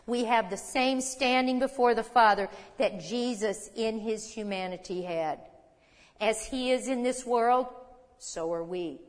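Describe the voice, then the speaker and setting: A woman's voice: fairly high pitch, measured pace. A woman teaching a sermon in a conversational, emphatic way, explaining scripture and reading verses aloud. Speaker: Bible teacher. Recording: long hall reverb.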